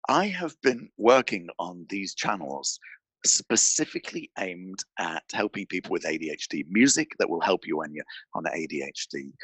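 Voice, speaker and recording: Husky, animated man telling a story. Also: deep voice, no room sound. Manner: animated, repeats words as he restarts, acts out quoted voices. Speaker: podcast guest. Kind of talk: conversational interview storytelling. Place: indoor studio with a mic.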